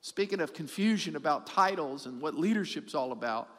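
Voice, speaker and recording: High-voiced pastor preaching in a big hall. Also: male voice, brisk. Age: middle-aged. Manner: animated, repeats for emphasis, jokes with the congregation. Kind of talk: sermon.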